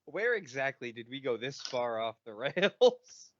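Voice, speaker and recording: Podcast co-host, lively pitch, animated ranting, profane, dull lo-fi audio. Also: measured pace. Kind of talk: casual chat.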